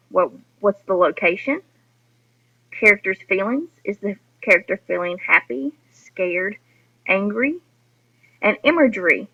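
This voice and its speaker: Bright-voiced woman teaching a lesson. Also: medium pitch. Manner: patient, explanatory, addresses students directly. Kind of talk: recorded classroom lesson. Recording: dull lo-fi recording.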